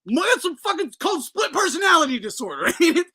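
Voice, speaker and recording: A man hosting a boxing talk podcast in a loud, profane, mocking chat. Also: very high-pitched, sing-song, fast. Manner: loud, profane, laughing mockery. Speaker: podcast host. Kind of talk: casual chat.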